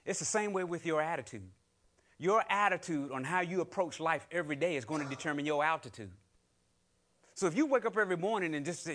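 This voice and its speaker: A man's voice: on the high side, animated, quick pace. A middle-aged man preaching a sermon, using call-and-response with the congregation and acting out grumbling people in quoted asides. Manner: call-and-response preaching, rising to loud exhortation. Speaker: lay preacher.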